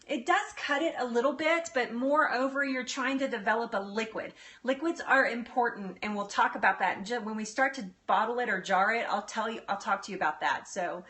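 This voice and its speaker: A woman's voice: on the high side, pushed and bright. A woman hosting a casual live cooking demo, chatting with viewers and laughing often. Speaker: live-stream cooking host. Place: home kitchen.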